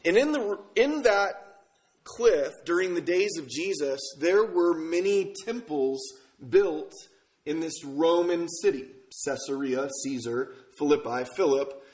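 Minnesota guy giving a sermon, kinda high voice, chatty storytelling, roomy echo. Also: lively intonation, slow pace, a little mellow. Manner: conversational storytelling, rhetorical questions. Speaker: pastor. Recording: echoey room.

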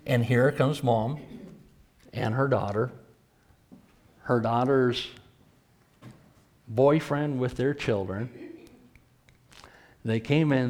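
A man's voice: medium pitch, a little mellow. Guy preacher teaching a church class, chatty, hammers words over and over. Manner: conversational, repetitive for emphasis.

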